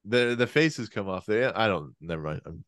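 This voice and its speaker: Man, podcast co-host, casual chat, rambling, smooth resonant voice, dry sound. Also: on the low side, expressive, moderate pace, fairly bright tone, no echo. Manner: rambling, restarts often.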